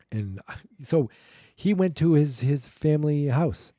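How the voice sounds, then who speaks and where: A man's voice: a little high, lively intonation, a little slow, dark tone, no room sound, clean studio sound. A man hosting a podcast who casually recaps a comic book page by page, reacting as he reads. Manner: chatty, exclaims and reacts while reading. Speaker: podcast host.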